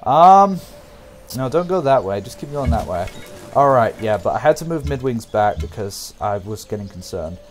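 A young man casually commenting on a strategy game as he plays, thinking aloud, humming and breaking into excited outbursts for viewers. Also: mid-range voice, normal speed, soft background music. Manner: talks to himself and viewers, hums, excitable outbursts. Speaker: gameplay commentator. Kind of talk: casual let's-play commentary.

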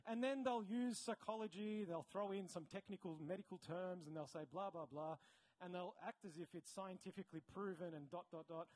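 High-voiced Australian man preaching. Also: brisk, rough recording. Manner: conversational, self-correcting, animated asides. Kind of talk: sermon.

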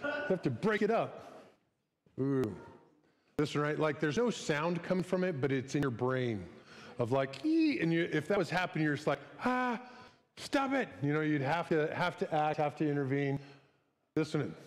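A man's voice: fairly high pitch, normal speed. A man preaching a casual, conversational sermon as a pastor, often acting out short quoted voices. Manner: chatty, conversational, acts out little quoted voices. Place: church sanctuary. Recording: church hall with long reverb.

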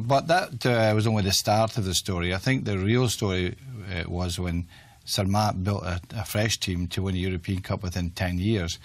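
An older man with a Glaswegian accent, a retired football manager answering interview questions in a reflective, halting way with frequent restarts. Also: sits low. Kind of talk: interview conversation.

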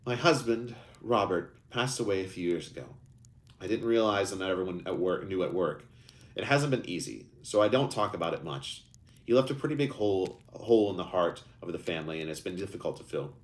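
A man reading aloud voices a soft-spoken middle-aged widowed mother, raising his pitch for her. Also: animated, a little fast. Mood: quiet.

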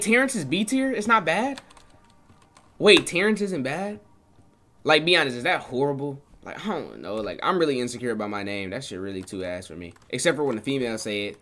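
A young man streaming a horror game with a medium-pitched voice, talking to his chat in loose, joking slang. He jumps from loud, excited outbursts to low, half-muttered asides. Faint keyboard clicks run behind him. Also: a little hiss or hum. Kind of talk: casual live-stream chat while gaming.

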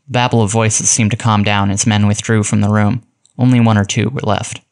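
A man reading a detective story aloud as narrator, in a measured, even way. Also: fairly low pitch. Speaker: audiobook narrator.

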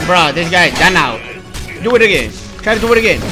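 Guy yelling and cussing over his gameplay, high voice jumping all over, music playing behind. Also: sing-song, moderate pace. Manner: shouts and yells at the game, swears, slangy. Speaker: gaming YouTuber. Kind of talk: gameplay commentary.

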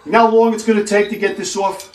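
A middle-aged man from New York playing the exasperated father in comedy skits, protesting loudly and bantering with his son. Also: high-pitched, fairly even intonation, fast, over music. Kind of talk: comedic family sketch.

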